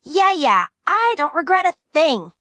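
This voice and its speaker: A woman's voice: high voice, sing-song, unhurried, fairly bright tone, dry recording, voice pushed up, exaggerated voice. A woman voicing a cocky, overconfident male prankster who talks smugly and teases. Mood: gleeful. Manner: smug, teasing.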